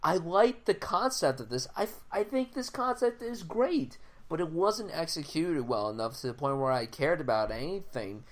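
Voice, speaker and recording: A man's voice: fairly high pitch, sing-song, moderate pace, hardly any pauses. A young man co-hosting a film podcast, giving blunt, casual reviews, swearing often and restarting his sentences. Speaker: podcast co-host. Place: home, audio only.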